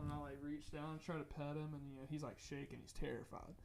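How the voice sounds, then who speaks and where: A young man from North Carolina, co-hosting a podcast and telling a rambling, animated ghost story with lots of restarts. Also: on the high side, fast talker, creaky, hardly any pauses, slight background noise. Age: young adult. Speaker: podcast co-host. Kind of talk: casual chat, storytelling.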